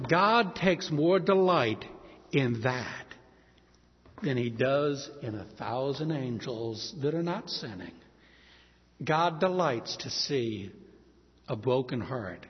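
A male pastor delivers a sermon at an unhurried, deliberate pace. His impassioned voice sits a little high and swings from hushed pleading to loud emphasis. The recording is muffled and lo-fi, with a long reverb trailing off each phrase. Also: animated. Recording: dull lo-fi sound in a reverberant hall.

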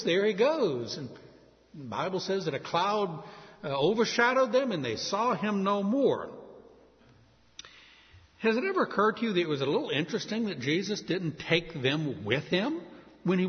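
Lively preacher in an echoey hall. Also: male voice, on the high side. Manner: expository Bible teaching, conversational asides. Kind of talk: sermon. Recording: echoey hall, dull lo-fi sound.

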